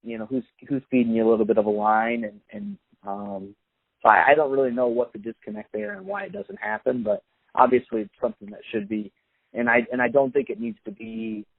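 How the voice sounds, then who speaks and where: A man's voice: medium pitch, sing-song, fairly quick, creaky, dry recording. A man hosting a podcast, talking casually with many fillers and restarts. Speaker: podcast host. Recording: phone-like, dry sound.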